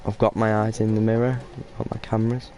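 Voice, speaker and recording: A man's voice: lowish voice, level tone, fast talker, a little mellow, a little hiss or hum. A man giving casual, rambling commentary while playing a game, drowsy and yawning now and then. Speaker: gameplay streamer.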